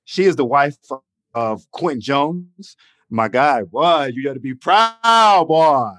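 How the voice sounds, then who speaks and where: A man's voice: a little high, animated, slow, a bit bright, no room sound, studio quality. A man co-hosting a podcast in casual, emotional chat, often saying "you know" and "man". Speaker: podcast co-host.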